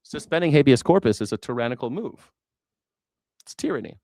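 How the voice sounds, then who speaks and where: A man's voice: mid-range voice, lively intonation, fairly quick, dark tone, no room sound, clean studio sound. A man hosting a news reaction show, sarcastic and incredulous and swearing freely. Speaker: host.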